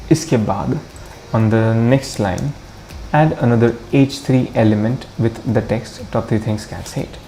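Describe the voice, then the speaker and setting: Guy doing a coding walkthrough, dark mellow voice, faint music in the back. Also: medium pitch. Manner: thinks aloud, corrects himself, mixes Hindi into English. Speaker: coding tutorial host. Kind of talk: screen-recorded coding walkthrough.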